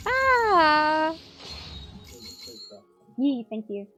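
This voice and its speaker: A woman streaming a game, chatting casually with viewers, excitable and swearing, squealing at her pulls. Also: high voice, very slow, faint music behind.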